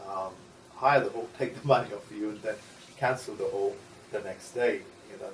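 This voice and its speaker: A man talking as an interview guest in casual conversation, halting with many restarts and short laughs. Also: on the low side, slight background noise. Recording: echoey room, voice from far off.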